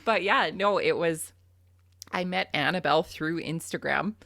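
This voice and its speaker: Low gravelly woman. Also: unhurried, no echo, clean studio sound. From Canada. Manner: animated, laughs often, many fillers. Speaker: podcast guest. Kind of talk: casual storytelling chat.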